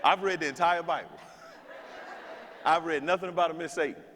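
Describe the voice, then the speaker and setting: A man's voice: on the high side, brisk. A man from South Carolina, giving a comedy keynote in a playful, teasing way, talking right to the audience. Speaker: keynote speaker. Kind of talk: stand-up style keynote comedy. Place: conference stage. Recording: reverberant hall with background noise.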